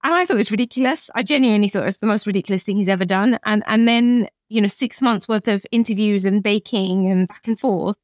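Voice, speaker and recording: A woman's voice: mid-range voice, quick pace, hardly any pauses, dry recording. British woman in her late 30s, chatty guest on a podcast, plays out the dialogue in her stories, dry close sound. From Britain. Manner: animated storytelling, acts out quoted dialogue. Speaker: guest, chef and author. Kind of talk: conversational podcast interview.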